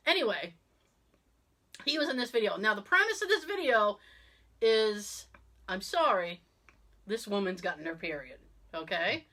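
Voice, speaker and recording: A woman hosting a podcast, telling a story in casual chat, animated and laughing often as she acts out quotes. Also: mid-range voice, a little slow, pauses often. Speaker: podcast host.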